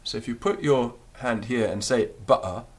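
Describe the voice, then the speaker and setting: A man's voice: medium pitch, expressive, moderate pace, slightly rough. A man teaching a recorded beginner language lesson, explaining patiently and demonstrating the sounds aloud.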